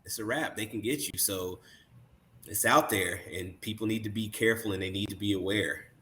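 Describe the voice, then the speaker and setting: A man's voice: fairly low pitch, fairly quick, sharp tone, a little hiss or hum. A man co-hosting a podcast, speaking earnestly and casually with frequent "you know"s. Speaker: podcast co-host. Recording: echoey room.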